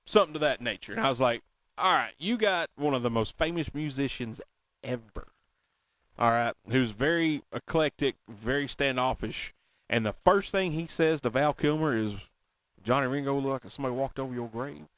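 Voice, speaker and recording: A man co-hosting a casual talk show, animated and chatty, often slipping into quoted movie lines. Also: medium pitch, normal speed, no echo. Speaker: podcast co-host. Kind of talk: casual chat.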